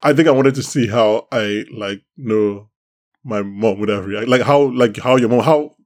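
A man with a lowish voice hosts a casual podcast chat. He rambles and restarts his sentences often, thinking aloud as he goes. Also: normal speed, a little mellow. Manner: rambling, hesitant, with many restarts. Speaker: podcast host. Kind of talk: casual chat about a TV show.

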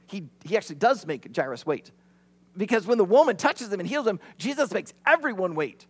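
A man preaching a sermon as pastor, animated, and acting out the quotes he retells. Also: sits high, fairly quick.

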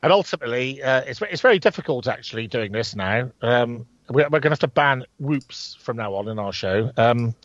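A man co-hosting a casual chat, stopping and restarting his thoughts with plenty of ums. His voice sits at a middle pitch and comes through dry and slightly dull, like a lo-fi recording. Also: expressive, brisk, hardly any pauses, no room sound. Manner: hesitant, many fillers and restarts. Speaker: co-host.

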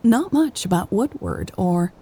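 A woman's voice: medium pitch, big pitch swings, a little slow, warm tone, breathy edge. A woman reading an audiobook and voicing Elle, a playful adult woman who teases and scolds a dog. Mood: cheerful. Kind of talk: audiobook character voice.

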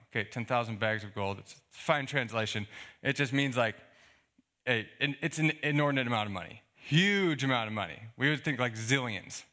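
A male pastor giving a conversational sermon, reading scripture and explaining it with rhetorical questions. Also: mid-range voice. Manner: conversational, animated preaching with fillers and rhetorical questions.

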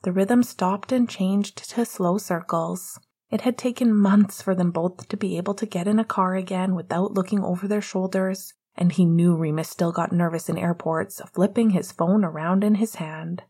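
A woman reading a story aloud as a whispered role-play, soft and hushed. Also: fairly low pitch, fairly even intonation, moderate pace, slightly rough. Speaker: audiobook reader.

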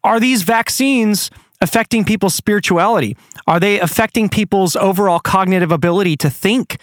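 A man's voice: sits high, fairly quick, no room sound, clean studio sound. A man hosting his own show, ranting angrily with plenty of swearing. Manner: angry, profane, animated. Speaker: podcast host. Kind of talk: ranting monologue.

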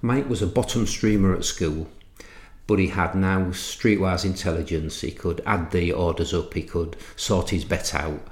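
A middle-aged man from England tells a long anecdote in a very low, deep voice. He restarts and fills as he goes, like a seasoned speaker recalling family lore, and the room around him rings with echo. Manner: anecdotal, halting with restarts and fillers. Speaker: entrepreneur and author. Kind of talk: storytelling in a podcast interview.

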